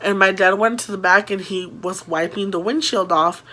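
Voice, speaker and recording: A woman vlogger spins a story to camera with a bright, sharp edge to her voice. She talks casually and keeps it lively, dropping in fillers and acting out what people said. Her pitch sits in the middle of the usual range. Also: normal speed. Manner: animated, filler-heavy retelling with quoted voices.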